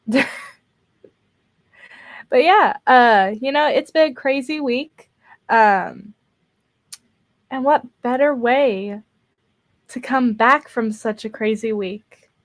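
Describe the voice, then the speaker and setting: A young woman streaming casually from her bedroom, tired and rambling, repeating words and laughing between fillers. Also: fairly high pitch. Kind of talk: casual live-stream chat. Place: bedroom at home.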